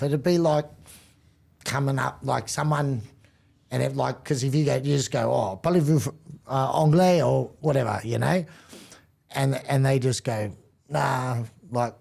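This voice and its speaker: An Australian man, a rugby league coach as podcast guest, telling stories in a relaxed, rambling way, often restarting his sentences. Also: medium pitch, gravelly. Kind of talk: casual chat.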